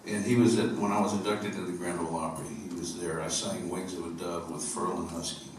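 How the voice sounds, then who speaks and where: Deep-voiced man telling stories in an echoey theater. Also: flat delivery, a little fast. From upstate New York. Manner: rambling, humorous storytelling with fillers. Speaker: singer-songwriter on stage. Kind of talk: stage banter between songs. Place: theater stage at a live concert. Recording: echoey, distant live theater recording with noise.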